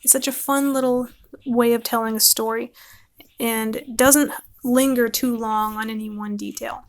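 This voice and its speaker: A woman's voice: fairly high pitch, steady tone, a little slow. Chatty woman rambling about a book. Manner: chatty, rambling, laughs often. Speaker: book vlogger. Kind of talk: casual rambling book talk while painting.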